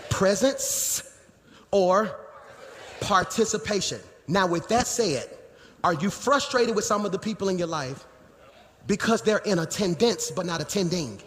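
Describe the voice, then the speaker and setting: A pastor in his forties preaching a sermon in a church sanctuary, moving between quiet teaching and shouted emphasis. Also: high-pitched, animated, a little slow. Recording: live church hall reverb, faint noise.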